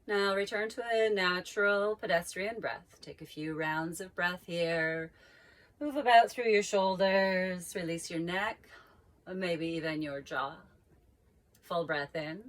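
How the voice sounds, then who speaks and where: Yoga teacher lady, low calm voice, really slow breathing cues. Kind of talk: guided breathing instruction.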